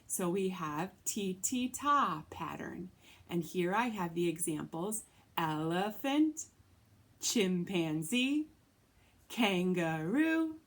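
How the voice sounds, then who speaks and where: A woman music teacher leads a recorded lesson for young children. She explains each step patiently and clearly, and she speaks the rhythm syllables aloud so the children can follow. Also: fairly low pitch.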